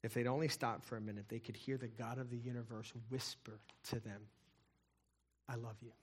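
A middle-aged man preaching a sermon, telling stories and swinging between loud emphatic lines and hushed, quiet ones. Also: medium pitch, flat delivery, brisk, breathy edge. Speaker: pastor.

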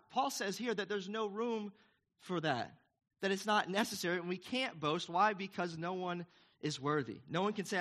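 A man's voice: high-pitched, normal speed, fairly bright tone. A man preaching a sermon in an earnest, emphatic, conversational way, asking the congregation questions. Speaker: pastor.

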